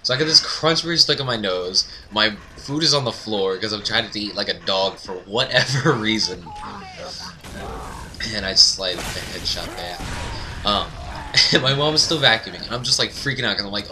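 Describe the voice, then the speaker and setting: A man telling a funny childhood story over game commentary, animated and laughing, climbing to excited yelps. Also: on the low side, moderate pace, a little hiss or hum, low-quality recording. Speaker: gaming commentator. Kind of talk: casual storytelling over gameplay.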